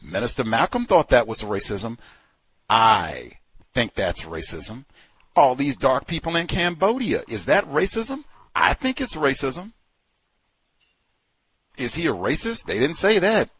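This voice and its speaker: A man casually talking through a book he is reading, animated and full of rhetorical questions. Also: medium pitch, a little slow, slightly rough, dry recording. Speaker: book commentator. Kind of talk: casual spoken book review.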